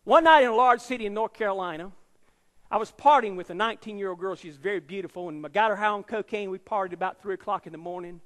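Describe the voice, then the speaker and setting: A man's voice: high voice, fast, a bit bright, in a large hall. A man in his fifties, an evangelist telling his life story as a sermon to a university audience, dramatic and emphatic, acting out the people in his story. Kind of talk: testimony sermon. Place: large university auditorium.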